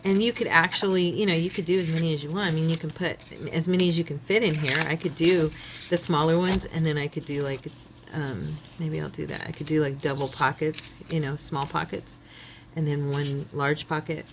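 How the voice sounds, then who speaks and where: A woman chats to her viewers while crafting at home, thinking aloud in a relaxed, self-deprecating way. Her voice sits low with a gravelly fry. A faint hiss runs behind her. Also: brisk. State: yawning, relaxed. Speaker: craft channel host. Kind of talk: casual crafting chat to viewers.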